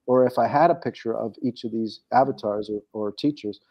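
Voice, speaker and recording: A man's voice: mid-range voice, a little fast, gravelly. Male interview guest, mid-range voice, rambling and restarting; lo-fi dull audio. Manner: rambling, frequent restarts and fillers. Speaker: guest, coach and program founder. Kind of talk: casual interview conversation.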